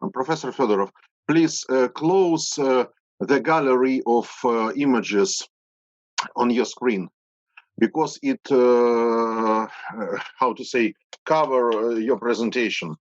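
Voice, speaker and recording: A man's voice: mid-range voice, slow pace, no echo. A man with a Ukrainian accent chairing an online session, searching hesitantly for his words over a video call. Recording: dull, dry video call audio.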